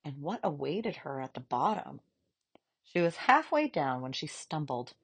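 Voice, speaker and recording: A woman reading a children's novel aloud in a calm, measured narration. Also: low-pitched, husky. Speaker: audiobook reader. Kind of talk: storybook narration.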